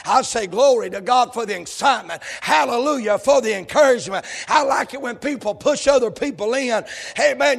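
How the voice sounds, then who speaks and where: A male pastor, preaching a sermon that swings from shouted, sung lines to low conversational talk. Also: brisk, gravelly, few pauses. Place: church sanctuary. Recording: long hall reverb.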